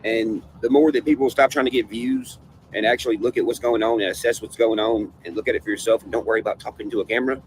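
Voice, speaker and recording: A man's voice: medium pitch, fairly even intonation, quick pace, poor audio. A man ranting in a casual livestream panel, profane and conspiratorial, with faint noise behind him. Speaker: panel guest.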